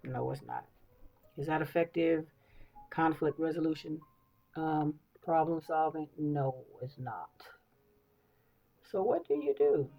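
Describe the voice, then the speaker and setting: In this casual get-ready-with-me talk, a beauty vlogger in her fifties speaks slowly in a deep, expressive voice, leaving long pauses. The audio is dull. She tells stories animatedly, often repeating phrases and checking in with her listeners.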